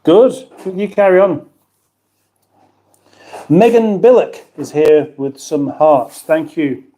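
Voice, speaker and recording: A man's voice: a little high, fairly even intonation, takes it slowly, mellow. A middle-aged British man hosting a casual livestream, chatting in a rambling, self-mocking way and reading out viewer comments. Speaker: livestream host.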